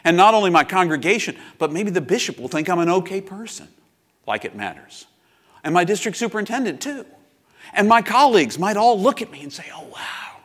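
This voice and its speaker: A man's voice: high-pitched, very animated, a little fast. A man in his fifties preaching a sermon as pastor, reflective and confessional, with personal asides.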